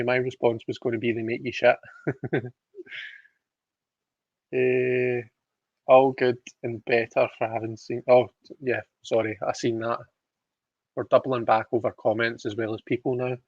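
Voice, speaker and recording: Gravelly man chatting on a livestream. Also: mid-range voice, no echo, muffled recording. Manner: chatty, giggly, self-deprecating. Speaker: livestream host reading tarot. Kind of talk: casual chat reading out viewer comments.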